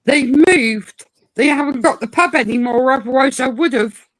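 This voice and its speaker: A woman in casual chat, telling animated stories about a cheeky parrot and imitating its swearing. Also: high-pitched, moderate pace, no room sound, rough recording.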